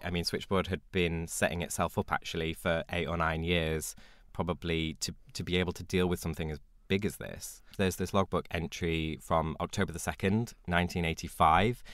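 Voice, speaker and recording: Very deep-voiced British man, dry sound. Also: a bit bright, no echo. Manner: measured, reads archive entries. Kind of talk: documentary narration.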